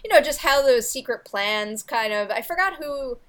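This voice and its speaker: A woman's voice: high voice, animated, moderate pace, a bit bright. Enthusiastic woman gushing about movies. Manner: enthusiastic, blunt, swears casually. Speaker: podcast co-host. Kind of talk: casual chat about upcoming movies.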